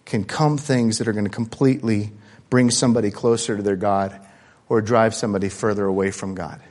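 A man preaching a sermon as pastor, animated and swinging between loud bursts and hushed asides. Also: lowish voice, brisk. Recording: long hall reverb.

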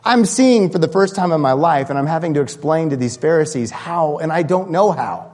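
A man's voice: on the high side, expressive, fairly quick, a little mellow, long reverb tail. A preacher voicing an exasperated healed man. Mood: overwhelmed. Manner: frustrated, pointed questioning.

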